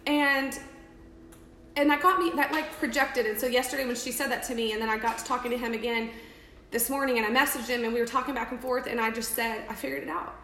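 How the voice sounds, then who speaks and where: A woman's voice: on the high side, fairly even intonation, fast, fairly bright tone, echoey room, a little hiss or hum, rough recording. A woman, rambling and emphatic in a casual live video, full of restarts and "like". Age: 30s. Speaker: makeup seller on a live video. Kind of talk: casual live-stream talk.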